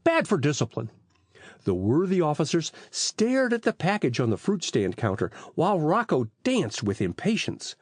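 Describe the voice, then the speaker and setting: A man narrating an audiobook in a lively, expressive reading style on a close mic. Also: fairly high pitch, moderate pace, few pauses, no room sound. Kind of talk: storybook narration.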